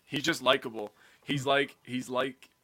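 A young man co-hosting a casual sports podcast, excitable and jokey, swearing casually as he talks. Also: medium pitch, a little slow. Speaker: podcast co-host.

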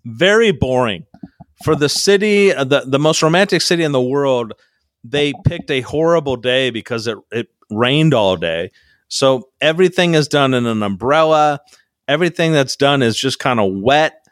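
A man's voice: mid-range voice, lively intonation, moderate pace, a bit bright, dry recording. A man co-hosting a casual podcast, recapping a reality show with rambling, dry sarcastic asides into a close mic. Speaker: podcast co-host.

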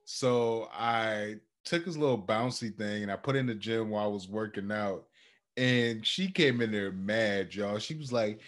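A young man co-hosting a podcast in casual chat, animated and dropping into quoted voices as he tells stories. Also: fairly low pitch, moderate pace. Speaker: podcast co-host.

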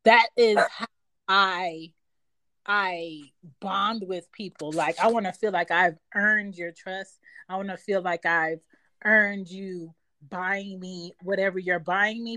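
A woman's voice: medium pitch, steady tone, takes it slowly, pushed and bright, no echo. A woman giving her opinions emphatically in a casual talk show. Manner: emphatic, self-assured.

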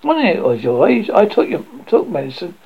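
A man's voice: sits high, wildly swooping pitch, moderate pace, gravelly, slightly rough, lo-fi sound, exaggerated voice. A man voicing a pompous, proud father who blusters and sulks in a storybook reading. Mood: blustering. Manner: blustering, huffy.

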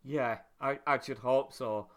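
A man's voice: mid-range voice, fairly even intonation, unhurried. A man co-hosting a podcast in casual chat, throwing in dry, sarcastic quips and swearing. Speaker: podcast co-host.

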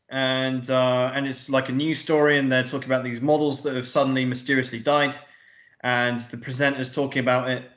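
This is a man with a medium-pitched, slightly bright voice co-hosting a podcast and chatting casually through a film recap. Scene by scene, he rambles, loosely paraphrases what characters say, and swears frequently, and the recording carries a roomy echo.

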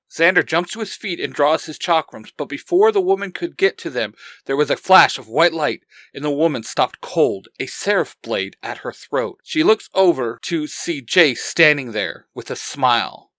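A man's voice: fairly high pitch, fairly bright tone, no room sound. Man reading fan fiction aloud. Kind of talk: story narration.

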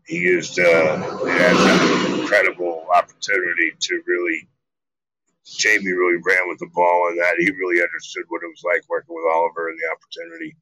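A middle-aged man, an actor being interviewed, telling stories in a casual, animated and profane way, acting out quotes. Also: low-pitched, brisk, no room sound, low-quality recording. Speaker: actor guest.

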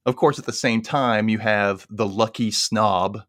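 A man hosting a casual podcast, chattily retelling a movie plot in a rambling, animated way. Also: fairly low pitch, measured pace, no echo, studio quality. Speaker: podcast host.

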